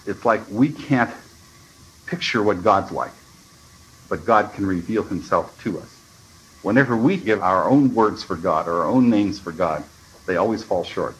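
A man's voice: lowish voice, animated, a little slow, a bit bright, poor audio. A man reading a story aloud and giving reflective, earnest commentary as a Bible study teacher.

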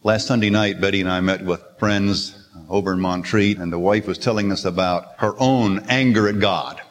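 A man's voice: deep voice, steady tone, moderate pace. An older man preaching a sermon in an earnest, storytelling manner, quoting scripture with emphasis. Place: church sanctuary. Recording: long reverb of a large hall.

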